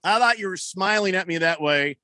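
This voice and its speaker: Hosting a sports radio show into a studio broadcast mic, this man chats casually and reads listener messages. His voice sits high and brisk, the recording is very noisy, and his delivery is rambling, wry and self-correcting.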